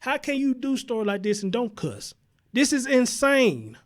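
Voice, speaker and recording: This male live-stream commentary host has a very high voice that swings widely in pitch, delivered at a moderate pace. He welcomes his viewers with heated, blunt talk full of profanity.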